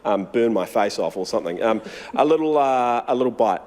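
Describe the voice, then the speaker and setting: A man's voice: fairly low pitch, animated, fairly quick, darkish tone, in a large hall. A man with a New Zealand accent reporting live from a cooking school kitchen, chatty and upbeat, sometimes eating as he talks.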